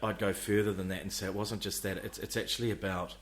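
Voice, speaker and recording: A man's voice: low-pitched, level tone, fast talker. A middle-aged man, a comedian talking passionately on a podcast, often repeating words as he starts. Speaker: stand-up comedian guest. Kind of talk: casual podcast conversation.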